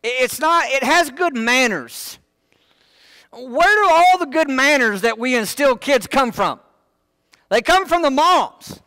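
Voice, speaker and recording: A man's voice: very high voice, expressive, unhurried, bright, forceful tone, smooth, dry recording. A man preaching a sermon in church, folksy and full of joking asides. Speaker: pastor.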